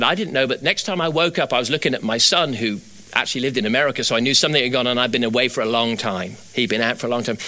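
A middle-aged man preaching a sermon. He builds to fervent, high exhortation, then drops to quiet storytelling.

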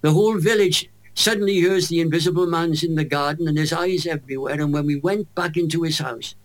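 A Welsh man in his eighties, a guest in an interview, telling a faith story with lively storytelling. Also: on the high side, brisk. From Wales. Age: 80s. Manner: animated storyteller acting out quoted voices.

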